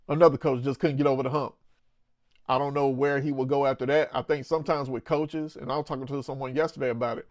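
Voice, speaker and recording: A man's voice: on the high side, no echo. Opinionated male sports host, dry close sound. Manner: opinionated, conversational, blunt asides. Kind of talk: casual sports commentary.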